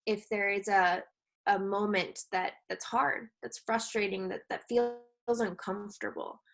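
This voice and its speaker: A woman in her thirties, a guest expert talking gently and earnestly in a casual interview about coping as a mother. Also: mid-range voice, steady tone, a little slow, vocal fry. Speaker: guest expert on maternal mental health.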